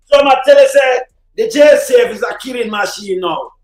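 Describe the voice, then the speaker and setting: A man with a Jamaican accent giving heated political commentary on a live stream, often raising his voice to a shout and mixing patois with English. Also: very high-pitched, normal speed, roomy sound, poor audio. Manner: fired-up, sometimes shouting, mixes patois and English.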